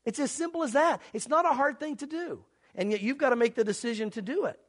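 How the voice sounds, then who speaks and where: A man with a very high voice preaches in an earnest, dramatic style. He acts out scenes as he speaks and makes an urgent, pleading appeal to his listeners. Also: fast talker. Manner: dramatic, acts out mocking crowds and shouts; earnest, pleading altar call. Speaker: pastor. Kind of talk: sermon.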